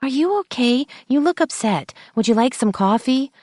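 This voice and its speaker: A woman's voice: sits high, lively intonation, moderate pace, darkish tone, no echo, clean studio sound, voice pushed up. A woman voicing a young female receptionist, eager and solicitous, in an audiobook. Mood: concerned.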